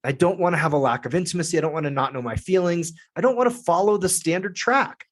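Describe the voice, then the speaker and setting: A man telling a story as a podcast guest, lively and profane. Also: high voice, fast talker. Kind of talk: casual storytelling.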